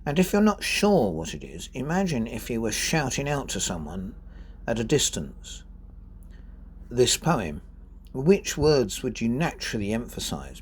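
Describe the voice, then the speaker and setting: A man giving a spoken lesson on poetry, reading verse aloud and stressing syllables deliberately to show rhythm. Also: mid-range voice, slightly rough. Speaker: poetry teacher.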